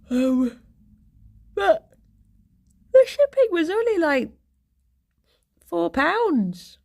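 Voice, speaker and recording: A woman's voice: sits high, sing-song, slow pace, pauses often, darkish tone. A young woman chatting casually on a live stream, rambling and giggling often as she reads the chat aloud.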